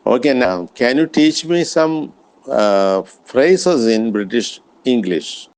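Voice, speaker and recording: Man, English learner, very slow, halting, polite, mid pitch. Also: animated, a little mellow, clean tone. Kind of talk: spoken English practice conversation.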